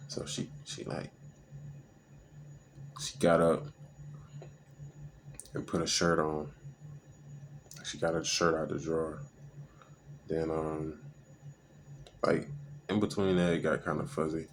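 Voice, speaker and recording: Gravelly low-voiced man telling a story. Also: level tone, slight background noise. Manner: slangy and halting, with many fillers and restarts. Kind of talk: casual personal storytelling.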